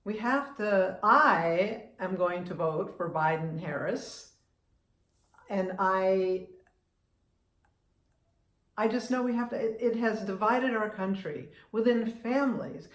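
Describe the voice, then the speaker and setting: A woman in her seventies from the United States talks to camera on her own vlog, opinionated and chatty. She often breaks off and restarts her sentences. Her voice sits at an ordinary pitch, and the room around her is noticeably echoey. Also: expressive, takes it slowly, long pauses, a bit bright. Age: 70s. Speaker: vlogger and humorist. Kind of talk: casual talking-to-camera vlog.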